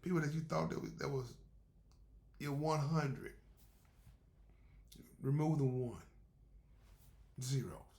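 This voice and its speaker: A man's voice: on the high side, slow pace, pauses often, a little mellow. A man giving a faith-based motivational talk in a conversational, repetitive, preacherly way. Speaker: motivational speaker.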